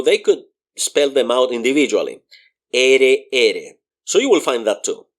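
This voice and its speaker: A man gives a beginner Spanish lesson, spelling each word out letter by letter and then repeating it. He speaks very slowly, and his pitch rises and falls in a lively way. He explains pronunciation patiently, one step at a time. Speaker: Spanish teacher.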